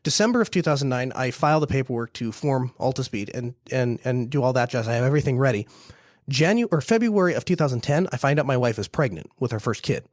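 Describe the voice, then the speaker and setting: A man's voice: medium pitch, expressive, fast talker, no room sound, studio quality. A man in his thirties, a small business owner, telling a long story in casual conversation, with many restarts and repeated words.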